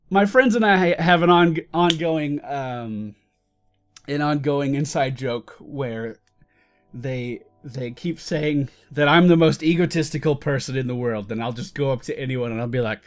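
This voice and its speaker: A man's voice: medium pitch, expressive, moderate pace. A man telling a story in a casual vlog, wry and self-mocking, who swears freely. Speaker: YouTuber.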